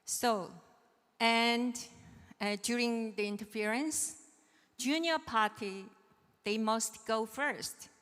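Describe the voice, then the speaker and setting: Slow, clear-voiced woman lecturing in a hall. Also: a little high, fairly bright tone. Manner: patient, checks understanding with "right?". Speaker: seminar presenter on patent law. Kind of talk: explanatory technical lecture. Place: seminar hall.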